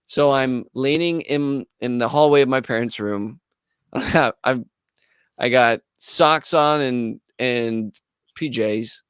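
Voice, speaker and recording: A man, a guest musician, telling a story in a casual, animated way and acting out the people in it. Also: mid-range voice, slow, clean tone, no echo, clean studio sound. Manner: animated, acts out quoted voices. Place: podcast studio.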